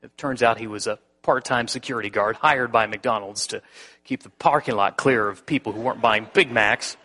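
A male pastor delivering a sermon, telling a personal story in an animated way, with frequent restarts. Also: medium pitch, moderate pace.

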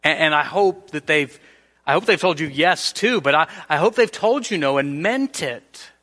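Guy preaching in a church, bright kinda higher voice, hams up little skits, big echoey hall. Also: normal speed. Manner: animated, acts out everyday scenarios. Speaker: pastor. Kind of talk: sermon. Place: church sanctuary.

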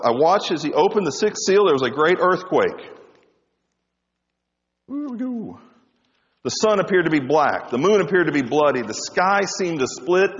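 Male pastor, fairly high voice, lively sermon delivery, dull recording with long hall reverb. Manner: animated preaching, rising and dropping for emphasis.

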